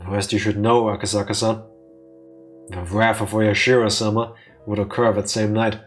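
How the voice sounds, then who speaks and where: Man doing a shrewd older detective, knowing, matter-of-fact, lowish voice, faint music behind. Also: flat delivery, normal speed, lightly acted.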